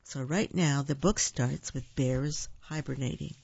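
A man gently reading picture books aloud, explaining things as he goes for a young audience. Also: mid-range voice, gravelly, breathy edge, no room sound, highs cut off. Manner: gentle, unhurried, explains to children. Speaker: storyteller. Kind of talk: picture-book read-aloud.

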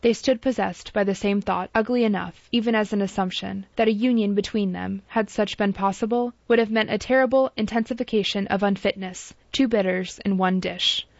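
A woman narrates a classic novel in a measured, formal way, at a middle pitch. The recording is dull and lo-fi, with a dry, close sound. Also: fairly even intonation, gravelly, no room sound. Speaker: audiobook narrator.

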